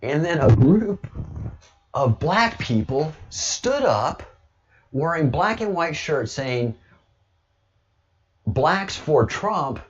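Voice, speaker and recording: A man talking casually on his livestream, rambling and now and then breaking into loud, excited bursts. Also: on the high side, takes it slowly, slightly rough, highs cut off. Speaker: livestreamer, political commentator.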